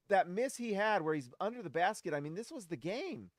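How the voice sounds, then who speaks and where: A man hosting a basketball fan show, giving casual post-game commentary in an animated, exasperated rant, often talking straight to his audience. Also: high-pitched, moderate pace, hardly any pauses, no room sound, clean studio sound. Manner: talks straight to the audience, shouts at players.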